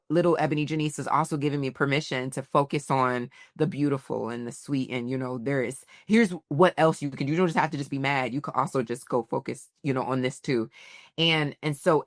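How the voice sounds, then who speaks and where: With a low voice captured in clean studio sound with no room tone, this woman in her forties tells personal stories as a podcast guest. Her casual interview is lively, full of laughter and acted-out quotes.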